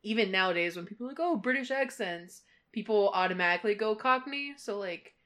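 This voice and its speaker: A woman's voice: medium pitch, animated, quick pace, a bit bright. A woman co-hosting a podcast, thinking aloud in a hesitant way and filling gaps with "like". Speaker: podcast co-host. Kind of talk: casual podcast chat.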